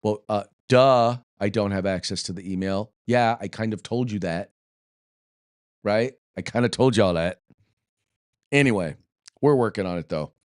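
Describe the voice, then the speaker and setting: A man's voice: lowish voice, moderate pace, pauses often, no room sound, studio quality. An American man hosting a political commentary show, talking loosely with jokes, fillers and restarts. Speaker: podcast host.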